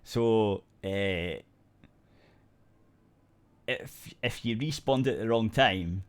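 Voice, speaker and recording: A man's voice: fairly low pitch, very slow, smooth. A man co-hosting a podcast, telling a gaming story in loose, rambling casual chat with frequent restarts and casual swearing. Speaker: podcast co-host.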